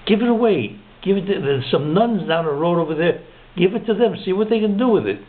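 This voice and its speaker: A man's voice: sits high, expressive, fairly quick. A man voicing a stern, exasperated male bishop who keeps scolding and repeating his orders, over a narrow phone-like recording.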